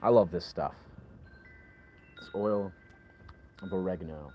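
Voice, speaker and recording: Rambling man with a lowish voice. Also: measured pace, darkish tone, faint music behind. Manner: rambling, leans heavily on filler "like". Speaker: livestreamer reading chat. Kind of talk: casual livestream chat.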